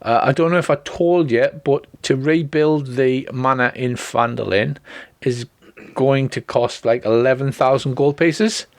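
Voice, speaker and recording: Man, game master, relaxed, joking, restarts a lot, mid pitch, dry sound. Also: measured pace, no room sound. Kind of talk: running a tabletop game over voice chat.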